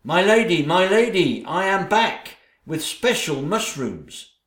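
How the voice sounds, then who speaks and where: A man's voice: sits high, very animated, takes it slowly, a bit bright, echoey room, pitched above the performer's own voice, exaggerated voice. A man voicing an eager, nervous manservant who fawns and stammers. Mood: fawning. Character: fawning nervous male servant.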